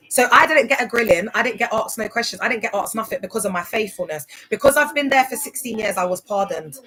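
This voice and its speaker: A woman's voice: fairly high pitch, expressive, fast talker, hardly any pauses, fairly bright tone, low-quality recording. A young woman hosting a casual livestream, telling her story in an emphatic, chatty way and often checking that listeners follow. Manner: chatty, emphatic, keeps asking "do you get it?". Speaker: livestream host.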